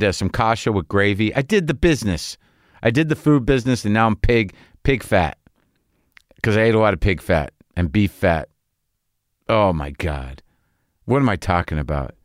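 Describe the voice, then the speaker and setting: A man's voice: lowish voice, dry recording. Middle-aged guy rambling and swearing on his podcast, lots of restarts, dead dry mic. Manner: rambling, profane, restarts and trailing thoughts. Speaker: podcast host. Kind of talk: casual monologue.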